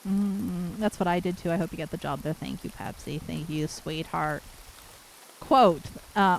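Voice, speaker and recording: A woman from Canada streaming live and chatting warmly with her viewers, affectionate and giggly, a little worn from losing her voice. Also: on the low side, unhurried, gravelly, slight background noise, poor audio. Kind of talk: casual live-stream chat reading viewer messages.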